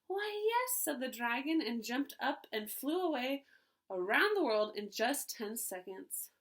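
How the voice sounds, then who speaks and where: A woman, a preschool teacher, reading a storybook aloud to children in an animated way, pausing to ask them questions. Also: a little high, low-quality recording. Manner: animated, asks listeners questions.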